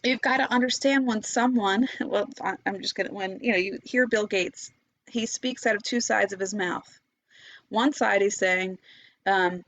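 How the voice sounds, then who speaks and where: A woman meditation teacher talks at a moderate pace in a mid-range, slightly bright voice, giving a heated, unscripted monologue where she swears openly and restarts sentences. The recording is dry, dull and lo-fi.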